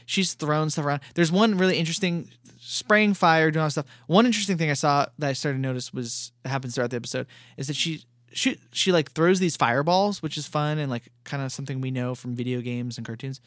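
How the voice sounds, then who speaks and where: A man's voice: on the high side, fast talker, fairly bright tone, dry recording, clean studio sound. A man co-hosting a podcast, recapping a cartoon in casual, rambling chat and chuckling often. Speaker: podcast co-host.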